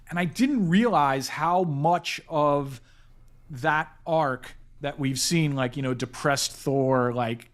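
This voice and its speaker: A man hosting a casual pop-culture podcast, talking enthusiastically with lots of restarts and self-corrections. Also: medium pitch. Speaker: podcast host, editor-in-chief.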